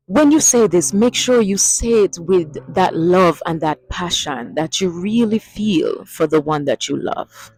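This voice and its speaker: Slow-talking Jamaican woman teaching a lesson. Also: fairly low pitch, husky, no room sound. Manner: slow, drawn-out teacherly delivery with lively phrases. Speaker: language teacher. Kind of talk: playful vlog language lesson.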